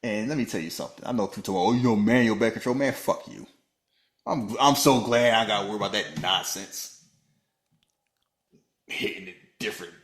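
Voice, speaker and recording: A man co-hosting a casual movie-review podcast, joking and animated, often slipping into mock voices. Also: fairly quick, pauses often, echoey room. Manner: animated, jokey, slips into high-pitched mock voices. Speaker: podcast co-host.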